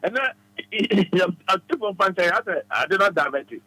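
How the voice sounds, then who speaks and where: High-voiced, husky Ghanaian man preaching advice. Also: expressive, normal speed, pushed and bright, no echo, low-quality recording. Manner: emphatic, preachy, repeats phrases. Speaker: radio studio guest giving advice. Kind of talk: advice talk on radio. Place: radio studio.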